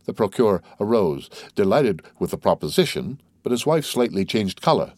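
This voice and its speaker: Low-voiced male audiobook narrator. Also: big pitch swings, moderate pace, few pauses, a little mellow, dry recording, studio quality. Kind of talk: classic novel narration.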